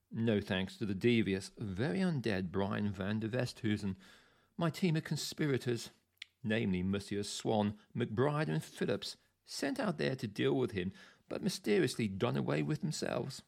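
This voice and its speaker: A man's voice: mid-range voice, animated, normal speed, creaky, darkish tone. A man narrating a first-person audiobook story in a theatrical, arch manner, savouring his words.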